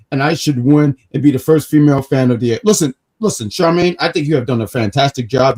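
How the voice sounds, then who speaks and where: A man co-hosting a wrestling review show, excitable and joking, saying he gets worked up. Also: fairly high pitch, slightly rough. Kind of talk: casual show review chat.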